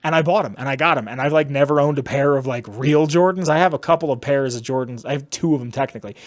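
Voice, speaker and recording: A young man hosting a podcast, telling a long story in a rambling, casual way and acting out the people he quotes. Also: fast talker. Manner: rambling, acts out quotes in lowered voices. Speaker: podcast host.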